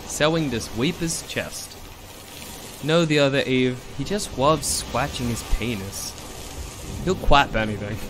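A man's voice: medium pitch, unhurried. A man streaming a game, chatting playfully in a put-on cutesy uwu voice that turns his r sounds into w. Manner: playful, silly asides. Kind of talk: casual live-stream chat while gaming. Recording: steady background noise under the voice.

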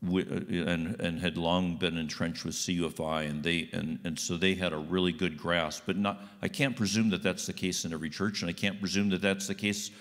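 A man with a low voice gives a guest sermon in a church sanctuary, folksy and conversational in tone. He speaks briskly with few pauses and fairly even intonation, and the sound carries like a large hall.

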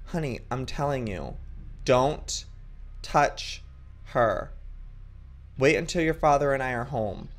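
A man's voice: mid-range voice, fairly quick, hardly any pauses, close to an everyday voice. Young man voicing a stern, worried mom in a chat story, insistent. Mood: firm. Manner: firm, insistent. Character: worried mother giving firm orders.

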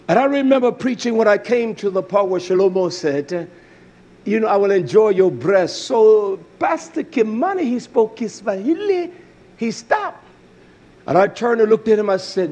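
A middle-aged man preaching a fiery, blunt sermon, who jumps from shouted lines to low mutters. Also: expressive, moderate pace.

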